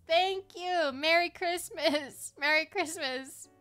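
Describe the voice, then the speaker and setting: A woman's voice: very high voice, animated, takes it slowly, pushed and bright. A woman streaming a game, chatting casually, giggling often and swearing freely. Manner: giggly, swears a lot, bursts into shrieking laughter. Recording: faint music behind.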